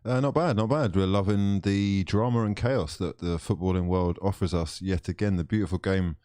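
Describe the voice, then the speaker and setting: A low-voiced man hosting a casual live football talk show. He is laid-back and teasing, and he reads viewer comments aloud. The sound is close and dry. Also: moderate pace, warm tone, no room sound. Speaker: podcast host.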